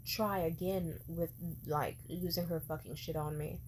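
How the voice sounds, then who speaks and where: Woman, 20s, low-pitched vlogger, loose rambling storyteller, swears freely. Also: steady tone, a little slow, a little mellow, a little hiss or hum. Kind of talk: casual storytelling vlog.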